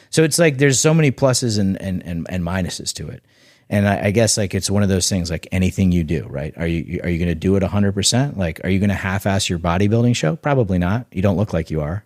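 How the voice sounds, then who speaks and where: Brief: deep-voiced man, punchy and conversational, dry close sound, repeats himself. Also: lively intonation, fast, a little mellow, dry recording. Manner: emphatic, restarts and repeats words; swears casually. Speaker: guest, snack bar founder. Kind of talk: casual podcast chat.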